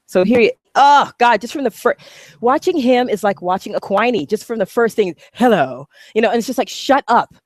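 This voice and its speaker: A woman's voice: medium pitch, no room sound, studio quality. A woman giving a heated, profane, sarcastic rant while reacting to a video. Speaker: online commentator. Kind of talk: ranting reaction commentary.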